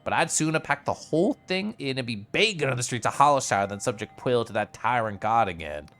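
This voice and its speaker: A man voicing a weary village farmer who grumbles and drops to a hushed, secretive tone. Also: mid-range voice, animated, fairly quick, soft background music, close to an everyday voice. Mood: grumbling. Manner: hushed, conspiratorial.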